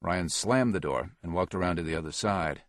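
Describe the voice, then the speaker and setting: A man reads an action novel aloud in a steady, even narration. His voice is very low. The recording is dry and close, with no room sound. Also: moderate pace, no room sound. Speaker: audiobook narrator. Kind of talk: scripted narration.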